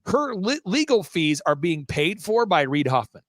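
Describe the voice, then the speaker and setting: A man talking as a guest on a live talk show, emphatic and rapid-fire, throwing out rhetorical questions. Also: high-pitched, very animated, fairly bright tone, no room sound, studio quality.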